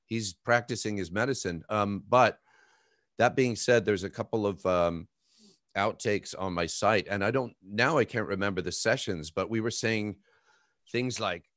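A man with a fairly low voice talks in a playful, animated way and laughs easily. He is a game voice actor chatting on a fan panel. The sound is dry and close. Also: normal speed, no echo. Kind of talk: casual panel chat.

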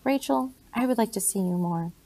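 An earnest, eager young soldier courting a girl, gently insistent, as a woman reads him in a storybook. The voice is mellow with a gravelly edge. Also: a little high, moderate pace.

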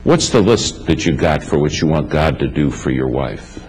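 Deep-voiced male preacher telling stories. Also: lively intonation, moderate pace, darkish tone, slight background noise, rough recording. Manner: emphatic, builds lists with repetition. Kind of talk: storytelling sermon. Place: church.

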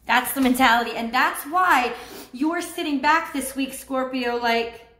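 A woman with a high voice talks through a tarot reading in a loose, chatty way. She is animated and laughs often. The sound has a roomy echo. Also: a little slow. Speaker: tarot reader. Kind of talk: casual spoken tarot reading.

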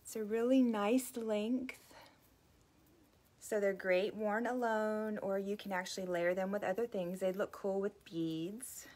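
A woman's voice: mid-range voice, steady tone, a little slow, a little mellow. Chatty woman hosting a live sale. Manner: bubbly, chatty, apologetic asides. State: a little out of breath. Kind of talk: casual live-sale chat.

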